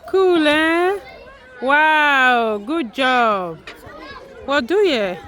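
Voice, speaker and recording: A woman's voice: high-pitched, lively intonation, extremely slow, fairly bright tone, a faint crowd, a little hiss or hum. A mother filming her children outdoors at a zoo, cheering and encouraging them in a casual family vlog. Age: adult parent. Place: outdoor zoo with a crowd around.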